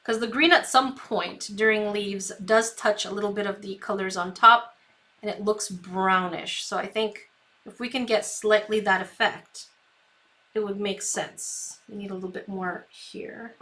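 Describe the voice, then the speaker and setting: Female craft streamer, chatty, giggly, slow pace, bright tone. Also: mid-range voice, steady tone. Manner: chatty, talks to herself, giggles often; reads viewer comments aloud. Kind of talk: live painting tutorial chat.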